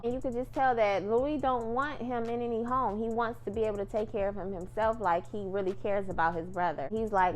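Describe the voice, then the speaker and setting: A woman's voice: medium pitch, creaky. A woman chatting through a TV episode recap in a sassy, playful way, often calling the viewer "girl". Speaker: TV recap vlogger.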